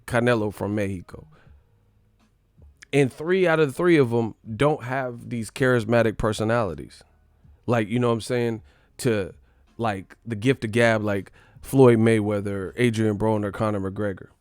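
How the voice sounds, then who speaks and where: A man's voice: medium pitch, darkish tone, dry recording, clean studio sound. A man hosting a boxing show, ranting in casual live commentary, blunt and profane, rambling with laughs.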